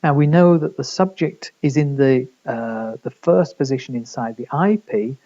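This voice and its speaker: A man's voice: medium pitch, moderate pace, mellow, muffled recording. A man giving a recorded university lecture, explaining step by step with rhetorical questions and the odd filler.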